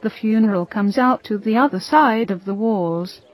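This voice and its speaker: A woman narrating a religious story in a steady, reverent reading. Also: medium pitch, moderate pace, highs cut off.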